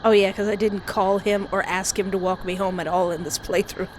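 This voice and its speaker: A fairly quick, medium-pitched female streamer reads through a horror visual novel, commenting, overreacting for effect and laughing a lot. The recording is rough, hissing steadily behind her.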